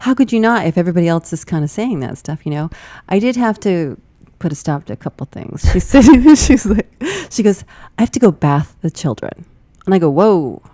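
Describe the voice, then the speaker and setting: A woman co-hosting a casual podcast chat, telling animated stories and laughing often. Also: medium pitch, fairly quick, dry recording. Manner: animated storytelling, frequent laughter. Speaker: podcast co-host.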